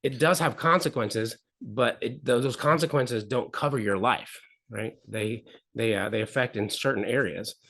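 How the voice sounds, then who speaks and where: A man's voice: mid-range voice, normal speed, pushed and bright. Earnest middle-aged man telling a story. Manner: earnest, repeats phrases, acts out quotes. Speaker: podcast guest. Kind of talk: candid storytelling interview.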